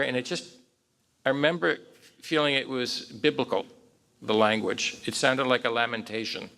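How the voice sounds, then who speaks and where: Man, 60s, psychologist speaker; gravelly, mid-pitched, relaxed and wry, chatty lecture delivery. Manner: relaxed storytelling with wry self-deprecating humor; frequent "um" and "uh" fillers. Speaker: psychologist giving a conference talk. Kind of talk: conversational lecture with a clinical story.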